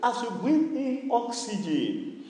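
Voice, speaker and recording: A man's voice: very high voice, sing-song, slow pace, mellow. A man preaching a sermon as pastor, repeating phrases and calling out to the congregation in a sing-song cadence. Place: church hall. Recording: echoey church hall, long reverb.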